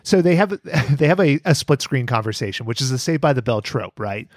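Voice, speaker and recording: A man's voice: mid-range voice, lively intonation, brisk, no room sound, studio quality. A man hosting a podcast in casual chat, swearing and laughing often. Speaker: podcast host.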